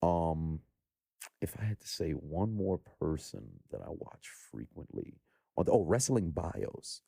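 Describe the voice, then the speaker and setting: A man's voice: sits low, a little slow, creaky, dark tone, breathy edge, dry recording. A man guesting on a podcast as a content creator, talking in a rambling, easygoing way into a close mic. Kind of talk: casual interview chat.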